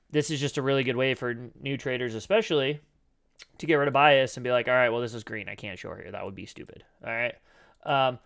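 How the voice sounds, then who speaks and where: A man's voice: mid-range voice, smooth. A man casually talking through trading charts on a live stream, rambling and loose with the occasional curse word, his voice scratchy and cracking. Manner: rambling, loose and profane, many fillers. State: throat scratchy, clearing it often.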